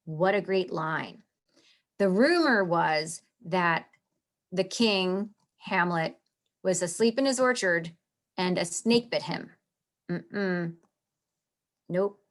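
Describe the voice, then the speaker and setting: A woman's voice: lowish voice, slow, pauses often. A woman giving a casual lecture on a play, reading lines aloud and tapping out the meter with enthusiasm. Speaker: literature teacher.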